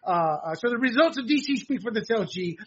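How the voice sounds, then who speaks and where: A man co-hosting a political talk show, animated and sarcastic, often laughing and acting out mocking quotes. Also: very high-pitched, brisk, slightly rough, muffled recording. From abroad, a country once under dictators. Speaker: co-host.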